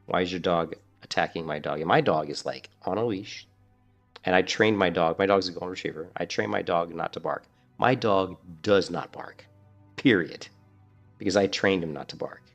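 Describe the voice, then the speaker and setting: A man with a deep, gravelly voice rambles through casual game commentary, restarting his sentences as he goes. Soft music plays in the background. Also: normal speed, lo-fi sound. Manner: rambling, chatty, restarts a lot. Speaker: gaming streamer.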